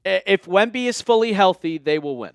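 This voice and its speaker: Male livestream host, smooth high voice in a dry room, jokey chat with viewers. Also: expressive, brisk, dry recording. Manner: jokey, chatty, addresses viewers by name.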